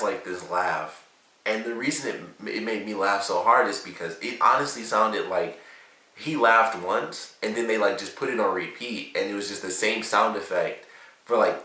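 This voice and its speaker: A young man reviews a TV episode in loose, rambling talk full of fillers and laughs. His low voice has a bright edge. He sits back from the mic in an echoey room. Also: recorded from a distance. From Detroit area, USA. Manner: rambling, laughs often, heavy filler words. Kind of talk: casual review monologue.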